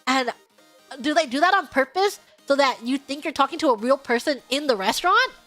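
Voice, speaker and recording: A woman streamer telling a story in casual chat, animated and exasperated, with sudden shouted outbursts. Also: sits high, a little fast, faint music behind.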